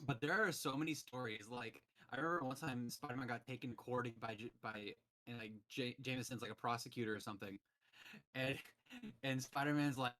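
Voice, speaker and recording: A young man in casual chat over a voice call, telling stories with animated energy and acting out the lines he quotes. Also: mid-range voice, a little fast, slight background noise. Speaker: podcast host.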